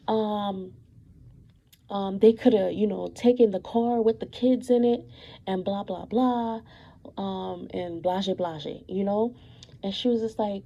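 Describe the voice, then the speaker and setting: Young woman ranting slowly about her mom, gravelly low-key voice, lots of um and repeats. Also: dull audio. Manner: animated, repetitive, emphatic with many fillers; suspicious, accusatory tone about her mother. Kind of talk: casual storytelling monologue.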